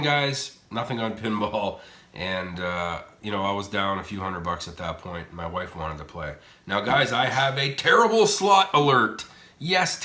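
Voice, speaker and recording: A man hosting a slot machine vlog, rambling bluntly and swearing casually as he plays in a casino's high limit room. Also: bright, forceful tone, reverberant. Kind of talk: casual gambling commentary.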